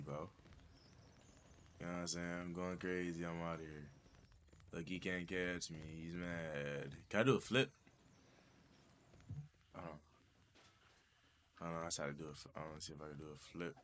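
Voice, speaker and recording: A man's voice: deep voice, moderate pace, pauses often, fairly bright tone, slight background noise. A man giving casual, slangy gameplay commentary and constantly saying "bro.". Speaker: gaming channel host.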